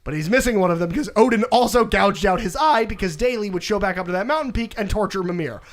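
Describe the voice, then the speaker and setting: Speaking fast in a high voice, this young podcast co-host animatedly retells the plot of a video game. He acts out what the characters say as the casual chat goes on.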